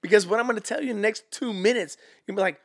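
A man who is a guest on a podcast, telling stories casually in an animated way, swearing freely and acting out quotes. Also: sits high, racing. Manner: animated, profane, acts out quotes. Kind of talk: casual storytelling.

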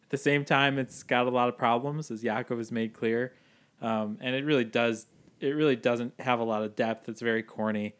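A man hosting a movie podcast in casual chat, animated and laughing often. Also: mid-range voice, moderate pace. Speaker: podcast host.

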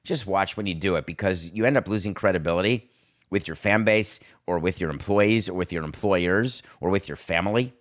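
A middle-aged man hosting a sports talk show, animated and sarcastic, slipping into mocking voices. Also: sits low, fairly quick. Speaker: podcast host.

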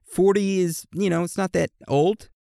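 A man co-hosting a podcast in casual chat, playfully reading out listener messages and birthday shout-outs. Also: high voice, steady tone, normal speed, gravelly, no echo, studio quality. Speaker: podcast co-host.

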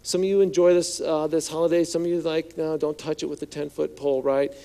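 Mellow-voiced man preaching conversationally. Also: a little high, little pitch movement, a little fast, gravelly. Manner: conversational, playful asides, acts out quotes in hushed voice. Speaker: pastor. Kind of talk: sermon.

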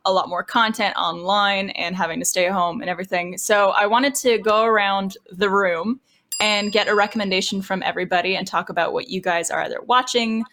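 A woman's voice: medium pitch, fairly even intonation, a little fast, fairly bright tone. Upbeat woman hosting a chat podcast. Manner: upbeat, leads segments, laughs often. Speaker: podcast host.

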